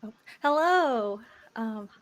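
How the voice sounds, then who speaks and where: A woman's voice: fairly high pitch, animated, takes it slowly. A woman poet introducing herself before a reading, hesitant, with many ums and uhs. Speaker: poet and guest reader.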